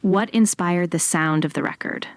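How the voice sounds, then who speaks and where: A woman conducting an interview, asking short and direct questions. Her voice sits a little low for a woman. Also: normal speed.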